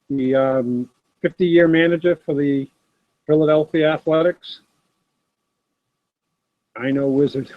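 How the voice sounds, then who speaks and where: The recording is dry as a middle-aged man with a fairly high voice hosts a live sports card stream from his home desk. He chats casually and answers viewers by name, picked up by his laptop's built-in camera mic with a dull, dry quality.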